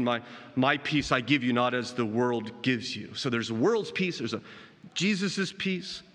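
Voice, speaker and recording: A pastor delivering a sermon, a man with a bright, penetrating tone and a voice pitched somewhat high. He preaches earnestly, climbing for emphasis and sinking low to press a point, often putting questions to the congregation. The sound rings with a long church-hall reverb. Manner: earnest preaching, animated rises and drops, rhetorical questions.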